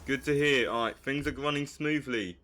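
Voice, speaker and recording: Excitable man streaming a strategy game. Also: normal speed. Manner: excitable, swings from low muttering to hyped shouting. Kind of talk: live gameplay commentary.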